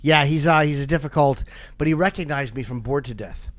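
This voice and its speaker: A man's voice: fairly high pitch, brisk. A man hosting a podcast, telling rambling, self-deprecating stories in casual chat and laughing often. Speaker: podcast host.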